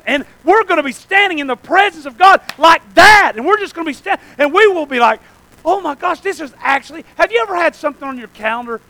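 A male preacher with a remarkably high, sharp and forceful voice delivers a fervent revival sermon. He keeps checking in with the congregation and sometimes rises into shouts. The sound is dry and close, with no room echo. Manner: fervent, calls out "amen?" to the congregation; breaks into shouts at high points.

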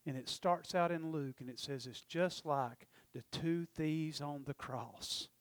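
A man preaching a testimony, storytelling with passion and swinging from loud to hushed. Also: a little high, unhurried, no echo. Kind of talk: sermon testimony.

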